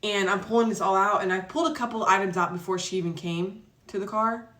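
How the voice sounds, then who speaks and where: A young woman vlogger telling a story in a casual, animated way, acting out the quotes and swearing freely. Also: mid-range voice, fast talker. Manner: chatty, animated retelling with acted quotes and swearing.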